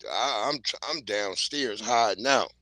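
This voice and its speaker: A man's voice: on the low side, unhurried, sharp tone, no room sound. A middle-aged man hosting a casual livestream, rambling through comic stories with lots of swearing and laughter. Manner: rambling comic storytelling, profane, laughing often. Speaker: livestream host.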